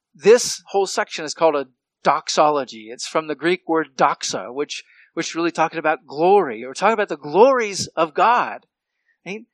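A man's voice: sits high, fairly bright tone, no room sound. A male pastor preaching a sermon in a conversational way, often checking in with "right?" and restarting phrases.

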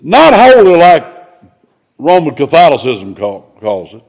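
Animated preacher man, slow delivery. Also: a little high, creaky. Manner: reads scripture then explains, rising to loud exclamations. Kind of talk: expository sermon.

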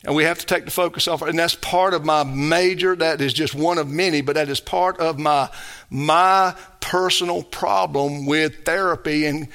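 A male pastor preaching a sermon, emphatic, moving between loud exhortation and quiet storytelling. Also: a little high, fairly even intonation, normal speed.

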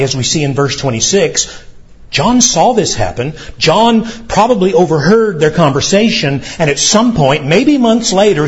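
Male pastor, earnest explanatory sermon, reads scripture aloud, higher voice, dull lo-fi sound.

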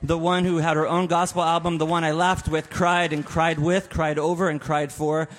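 A man in his forties delivers a eulogy in a chapel, his slightly high voice carried by a long hall reverb. He tells stories with laughs and quick asides. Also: flat delivery. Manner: warm storytelling with laughs and asides. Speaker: eulogy speaker. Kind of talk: funeral eulogy.

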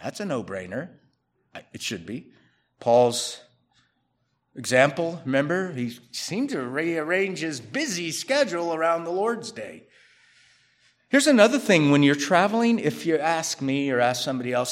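Pastor guy preaching, chatty sermon, goes loud and punchy then drops quiet, acts out what people say. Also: fairly high pitch, very animated, measured pace. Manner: conversational preaching, swinging between loud emphatic bursts and quiet asides; acts out quoted people in his own voice.

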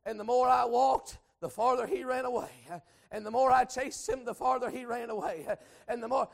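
A man preaching a storytelling sermon in folksy speech, swinging from hushed asides to shouted exhortation. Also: very high-pitched, normal speed, creaky. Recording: church service with congregation responses. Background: congregation.

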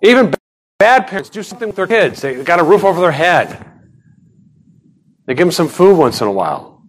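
Fairly quick and very animated, a middle-aged pastor gives a loose, conversational sermon full of asides and restarts. His pitch jumps sharply when he stresses something, and the audio is poor.

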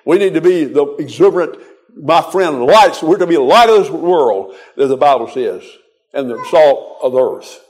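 A man's voice: on the high side, lively intonation, normal speed, darkish tone. An older man preaching a folksy, exhorting sermon, quoting scripture in a rhythmic cadence.

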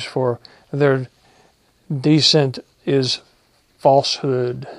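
A man preaching, reading psalms aloud in a slow, measured way and adding short comments. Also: medium pitch, darkish tone, no echo. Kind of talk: Bible reading and sermon.

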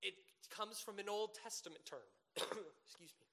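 A man preaching a sermon, earnest and emphatic, building to loud peaks and asking rhetorical questions. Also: sits high, a little slow.

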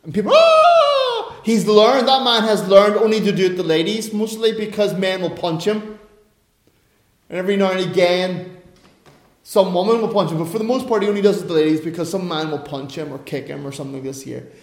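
A man's voice: high-pitched, a little fast. A man preaching a sermon in a conversational way, now and then acting out the voices of the people in his story. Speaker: pastor. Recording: echoey room.

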